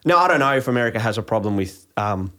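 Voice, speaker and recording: A man's voice: fairly low pitch, animated, fast, sharp tone. A man in casual podcast chat, ranting heatedly with frequent swearing and restarts. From Australia.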